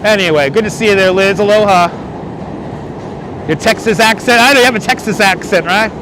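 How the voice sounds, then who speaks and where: High-voiced chatty New man outdoors. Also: fairly quick. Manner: chatty and joking, reading viewer comments aloud. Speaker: live-streaming walking tour host. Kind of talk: casual live-stream chat. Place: outdoors walking a windy city bridge. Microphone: wireless lapel mic. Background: city traffic and passing subway trains.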